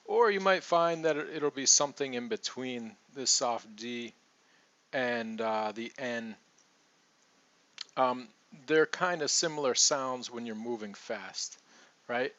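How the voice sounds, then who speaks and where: Male coach, bright tone, patient drill repetition, muffled recording. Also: medium pitch. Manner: patient, repeats example sentences slowly. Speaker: accent coach. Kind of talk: relaxed teaching monologue.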